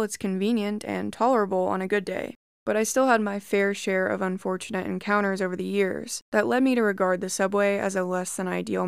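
A woman narrating creepy reddit stories in a steady, measured first-person reading. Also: medium pitch, gravelly, clean tone, dry recording, clean studio sound. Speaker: story narrator.

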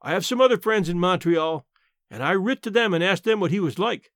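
A man voices a sharp-tongued elderly countrywoman in an audiobook, grumbling and matter-of-fact. Her talk is high-set and swings freely in pitch, with a blunt edge. The recording is dry and close with no room sound. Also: animated, fairly quick, dry recording. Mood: blunt, sardonic. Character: blunt, plainspoken elderly aunt, woman.

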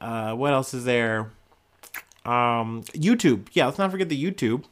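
A man's voice: mid-range voice, a little slow. A man hosting a casual solo news podcast, jokey and sarcastic, laughing often as he riffs. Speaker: podcast host.

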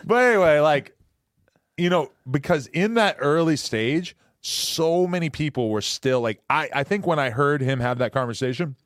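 A man's voice: on the high side, normal speed, no echo, studio quality. A man co-hosting a podcast in casual chat, rambling bluntly and swearing freely. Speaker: podcast co-host.

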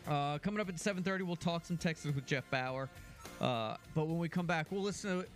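A man's voice: fairly high pitch, a little fast, soft background music. A man co-hosting a sports radio show, teasing and playful as he runs segments.

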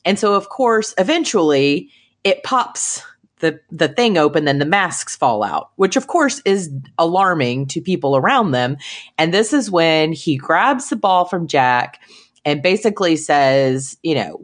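A woman co-hosting a casual movie review podcast, animated and acting out lines from the film in jumpy voices. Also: deep voice, measured pace. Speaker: podcast co-host.

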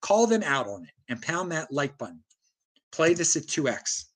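Male host, combative livestream ranter, very lively pitch, frequent stammered restarts. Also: normal speed, slightly rough. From United States. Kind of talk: ranting livestream commentary, reading viewer chat.

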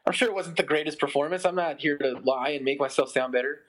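This podcast guest is a man in his thirties who plays music, and he talks fast in a voice on the high side. His long anecdote wanders, is stuffed with "like," and features lively acted-out quotations in a laid-back chat.

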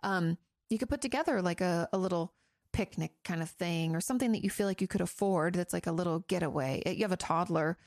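Low gravelly woman, ex-therapist, chatty and blunt, swears a bit, dry close sound. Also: fairly quick, a little mellow, no echo. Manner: frank and chatty, casual swearing. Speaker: host, former therapist answering listener questions. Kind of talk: casual advice talk.

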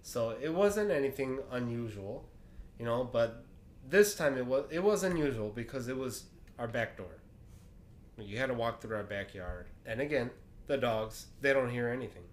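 A man casually telling a story, animated, swearing now and then and laughing through the tense parts. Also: medium pitch, normal speed, slight background noise.

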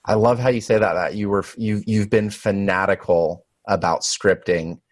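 Male interview host, lowish voice, eager and a bit halting; dry sound. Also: fairly even intonation, no room sound. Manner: enthusiastic, restarts phrases. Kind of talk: conversational interview.

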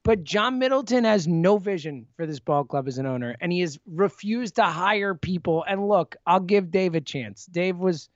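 A man co-hosting a casual sports talk show, ranting with animated frustration and frequent restarts. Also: high voice, moderate pace, few pauses, no echo, lo-fi sound. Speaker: sports podcast co-host.

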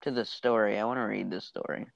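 A man's voice: lowish voice, fairly even intonation, quick pace, creaky, dry recording, muffled recording. A man co-hosting a podcast in casual chat, reading bits of an article aloud with dry asides. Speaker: podcast co-host.

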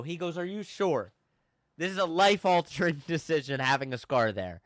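A man hosting a podcast, telling a story casually and acting out the people in it with shouts and laughs. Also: fairly high pitch, moderate pace, no room sound. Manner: animated, acts out quoted people with shouts and laughs. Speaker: podcast host.

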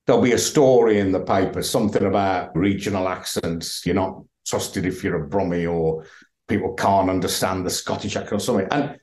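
A man's voice: sits low, a little fast, darkish tone. A middle-aged man, chatting as a podcast guest and laughing through his stories. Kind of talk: casual chat. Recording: roomy echo.

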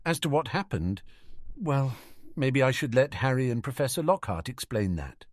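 A man voicing a blunt, practical teenage girl in an audiobook reading, brisk and pointed. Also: mid-range voice, very animated, no echo.

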